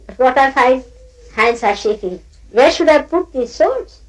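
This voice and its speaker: A woman's voice: high-pitched, animated, unhurried, low-quality recording. An older woman teaching at a spiritual gathering, scolding her listeners playfully and often breaking into laughter as she mimics them.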